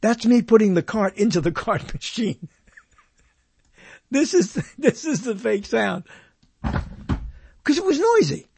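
A man's voice: high voice, big pitch swings, takes it slowly, vocal fry, long pauses, a little mellow, a little hiss or hum. A man hosting a countdown of badly reviewed movies, jokey and rambling, who often corrects himself mid-sentence. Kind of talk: casual solo commentary.

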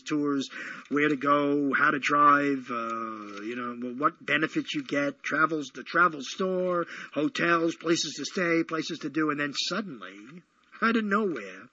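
A man's voice: a little high, breathy edge, no echo, dull audio. A man from Brooklyn hosting an internet talk show, rambling and correcting himself as he goes. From Brooklyn, New York. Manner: rambling, self-correcting, excitable. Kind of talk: rambling solo radio talk.

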